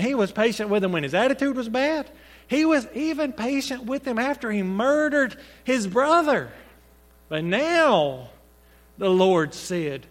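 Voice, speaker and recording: A high-voiced man preaches with animated energy, firing off rhetorical questions to his congregation. His voice rings through a large church hall with a long, trailing reverb. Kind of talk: sermon.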